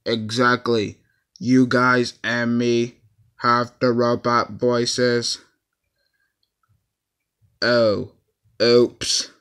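Slow, smooth-voiced man directing takes. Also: medium pitch, level tone, fairly bright tone. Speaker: video maker voicing his own blooper skit. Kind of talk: homemade cartoon blooper skit.

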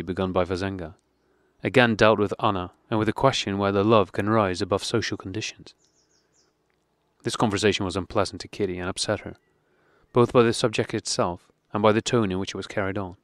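Audiobook narrator, male, lower voice, steady measured reading, dry close sound. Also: no echo. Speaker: audiobook reader. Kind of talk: reading a classic novel aloud.

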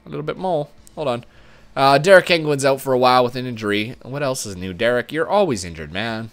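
A young man giving casual, profane commentary on his own hockey video game, swinging from low muttering to loud excited shouts. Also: quick pace. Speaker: gaming YouTuber.

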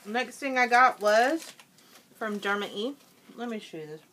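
Woman vlogger, relaxed unhurried delivery, sharp bright tone, casual haul chatter while snacking. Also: on the high side, slight background noise. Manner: chatty, eats and chews while talking. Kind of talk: casual product haul chat.

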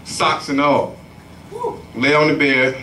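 A man's voice: medium pitch, fairly even intonation, slow pace, bright, forceful tone, a little hiss or hum. A man doing a stand-up comedy set at an open mic, telling loose, profane stories. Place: comedy club stage. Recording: echoey club heard from far off.

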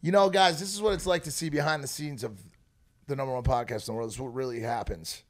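A man's voice: medium pitch, fairly even intonation, fast talker. A young man co-hosting a podcast, teasing and bantering with a laugh in casual chat. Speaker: podcast co-host.

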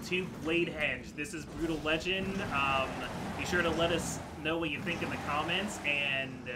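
A man hosting a let's play, commenting in an excitable, jokey, casual way. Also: on the high side, normal speed, very noisy. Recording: loud game music underneath.

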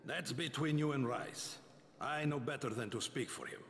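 A man's voice: medium pitch, normal speed, fairly bright tone, slight background noise, natural voice. An actor playing a brusque, cocky male gang lieutenant who teases and gives orders. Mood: mocking. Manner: teasing, commanding. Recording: game voice with long reverb.

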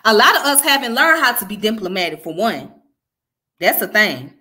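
A woman's voice: medium pitch, very animated, moderate pace, pushed and bright. A woman with a Southern US accent giving frank, casual commentary as she answers viewer comments, repeating her points for emphasis. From Southern United States.

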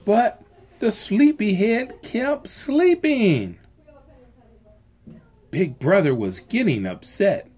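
A volunteer reads a children's picture book aloud, slow and expressive. The voice has a breathy, husky grain. Pitch moves about widely to keep the story lively. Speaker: volunteer reader.

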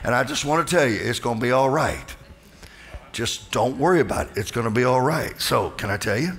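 A man's voice: medium pitch, expressive, brisk, a bit bright. A man preaching a fervent sermon as pastor, calling out to the congregation for responses.

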